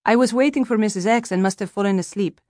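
A woman's voice: medium pitch, fast talker, a little mellow, no echo, clean studio sound, voice pushed up, close to an everyday voice. A woman voicing a polite young housekeeper with a South American accent, read as part of an audiobook. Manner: polite, apologetic.

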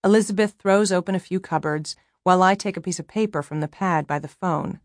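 A woman reading a first-person novel aloud in a low voice, with a wry, measured delivery. The recording is close and dry, with no room sound. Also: dry recording. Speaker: audiobook narrator.

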